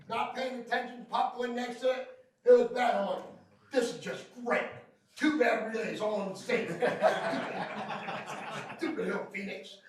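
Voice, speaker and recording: High-voiced joking trainer in an echoey room. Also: male voice. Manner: joking storyteller who quizzes the class. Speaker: field service trainer. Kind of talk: hands-on technical training class. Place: training room with a live class. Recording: very echoey room, recorded from far off.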